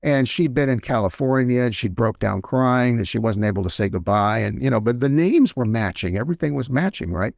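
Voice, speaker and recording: A man, a guest on a talk show, telling an anecdote in a relaxed, conversational way that keeps leaning on "you know". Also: mid-range voice, fairly quick, gravelly, few pauses, no room sound, studio quality. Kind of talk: conversational storytelling.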